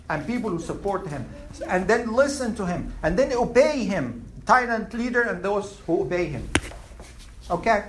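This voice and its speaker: A religious teacher giving a classroom lecture, animated and quizzing the students as they go. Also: medium pitch. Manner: animated, asks the class questions.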